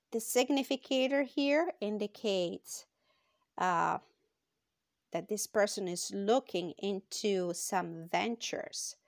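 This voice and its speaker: Reading tarot cards casually for her own channel, a medium-pitched woman takes it slow and thoughtful, pausing frequently and using fillers. The sound is studio quality with no room sound.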